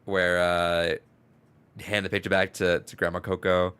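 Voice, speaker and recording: A man's voice: low voice, little pitch movement, unhurried, fairly bright tone, smooth, no echo. A man co-hosting a podcast, telling a story in rambling casual chat, restarting his words and swearing freely. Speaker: podcast co-host.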